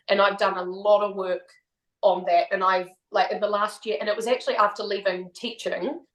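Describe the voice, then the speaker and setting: A woman in her thirties with a New Zealand accent, a podcast guest talking candidly and reflectively, laughing often. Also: medium pitch. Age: 30s. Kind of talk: casual chat. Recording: roomy echo.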